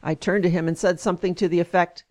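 A woman reading an essay aloud with expressive emphasis, then adding her own comments as a speaker. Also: fairly low pitch, fast.

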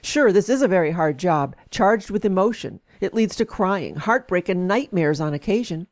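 Woman, mid-range voice, reading an essay aloud, expressive emphasis, speaker's commentary. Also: mid-range voice, normal speed.

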